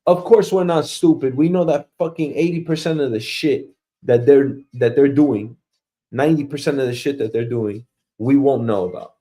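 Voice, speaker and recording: A man's voice: medium pitch, moderate pace, dark tone. A man hosting a casual show, ranting profanely in a mocking way and acting out quoted coworkers. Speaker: host.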